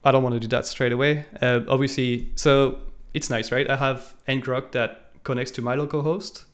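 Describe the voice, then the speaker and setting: A man's voice: medium pitch, fairly even intonation, normal speed. A man co-hosting a live coding stream, thinking aloud as he types, with frequent fillers. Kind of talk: casual coding walkthrough. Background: keyboard typing and clicking.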